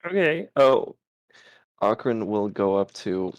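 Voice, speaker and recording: A man taking part as a player in a tabletop game, talking in a relaxed, casual way. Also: lowish voice, slow pace, no echo, dull audio.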